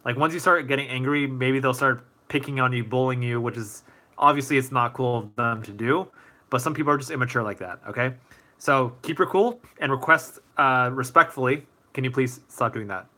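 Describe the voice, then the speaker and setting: A man's voice: mid-range voice, fairly quick, bright, forceful tone. A man hosting a casual live-stream Q&A, chatty and easygoing, answering viewer comments with many fillers.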